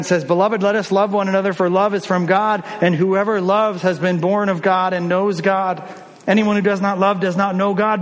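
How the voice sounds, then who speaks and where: A man preaching a sermon, swinging between emphatic lines and hushed ones. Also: a little high. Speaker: pastor. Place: church sanctuary. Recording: long church reverb.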